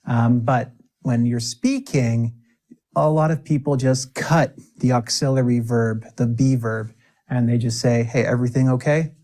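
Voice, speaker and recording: An upbeat man teaches a spoken English lesson in a voice of ordinary pitch. He coaxes his learners along and says each example phrase slowly and clearly so they can repeat it back. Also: steady tone, mellow.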